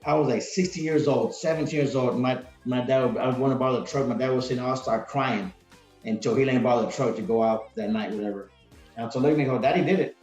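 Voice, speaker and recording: A man's voice: medium pitch, fast talker, a little mellow, soft background music. A man about forty, a retired Marine guest on a podcast, telling stories in a rambling, casual way full of restarts. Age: 40s. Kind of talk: casual interview chat. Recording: roomy, dull sound.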